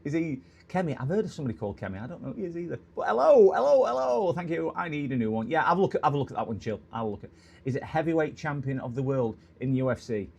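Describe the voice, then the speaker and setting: Talking very fast in a husky, animated, mid-range voice, a middle-aged Englishman hosts a repair livestream. He's jokey and rambling, chatting casually with viewers and welcoming the chat with loud, warm hellos.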